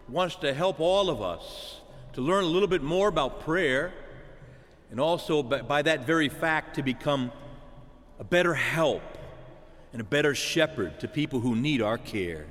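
A man delivers a sermon in a high, lively voice that climbs and falls widely. He calls out to the congregation as "church" and asks for an amen. The sound carries a long reverb from a church hall. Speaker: preacher.

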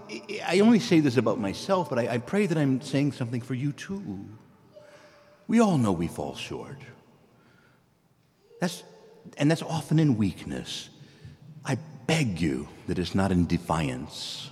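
A man's voice: medium pitch, very animated, a little slow, pauses often, a little mellow, in a large hall. A man preaching a sermon, earnest and pleading, who climbs to exclamations and then drops to near whispers.

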